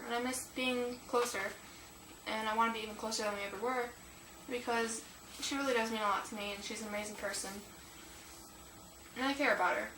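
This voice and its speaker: A woman's voice: a little high, fairly bright tone. A teenage girl chatting in a rambling, emotional way for her vlog, with many fillers, recorded at home on a camera mic. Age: teens. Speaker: vlogger. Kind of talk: casual confessional vlog. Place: room at home. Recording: echoey room, distant mic, noisy.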